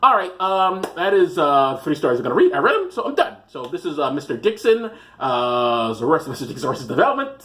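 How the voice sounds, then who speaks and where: Man host, animated, slightly high voice, sarcastic comic news reader. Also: fairly quick, hardly any pauses. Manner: rambling, sarcastic asides. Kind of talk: reading news with comic commentary.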